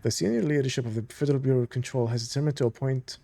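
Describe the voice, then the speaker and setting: A man doing casual let's-play commentary, switching between reading in-game documents aloud and gushing fan asides. His voice sits at an ordinary mid pitch. He talks in a relaxed, conversational way. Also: rapid-fire, creaky, few pauses, no echo. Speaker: gamer playing through a story game.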